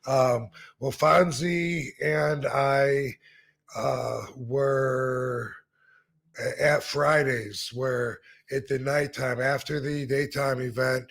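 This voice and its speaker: A man's voice: mid-range voice, steady tone, very slow, vocal fry, fairly bright tone. A man hosting a podcast, telling a long story in a loose, rambling way, full of fillers and cursing. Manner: laid-back, rambling with fillers and profanity. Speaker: podcast host. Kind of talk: casual storytelling.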